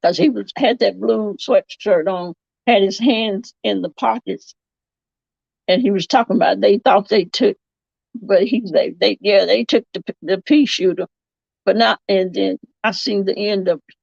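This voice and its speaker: A woman's voice: mid-range voice, vocal fry, darkish tone, breathy edge, no room sound. A woman giving casual live-chat commentary, rambling and correcting herself as she goes. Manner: rambling, drawn-out, self-correcting. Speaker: livestream commentator. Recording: dull lo-fi stream audio.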